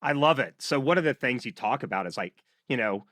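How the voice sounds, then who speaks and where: Lively bright-voiced man hosting. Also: medium pitch, fairly quick, dry recording, clean studio sound. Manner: chatty, rambling questions with many "you know"s. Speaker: podcast host. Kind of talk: podcast interview.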